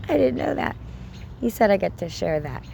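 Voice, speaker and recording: A woman's voice: mid-range voice, big pitch swings, moderate pace, creaky, dark tone, a little hiss or hum. A woman giving an intimate, emotional spiritual talk, often dropping to a whisper, recorded outdoors. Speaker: spiritual content creator. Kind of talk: personal spiritual talk to camera.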